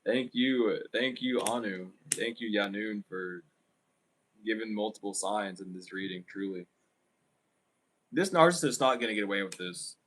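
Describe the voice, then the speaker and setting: A man's voice: fairly low pitch, moderate pace, a bit bright, slight background noise, poor audio. A man giving a casual spiritual tarot reading, blunt and emphatic, swearing often and repeating himself. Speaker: tarot reader.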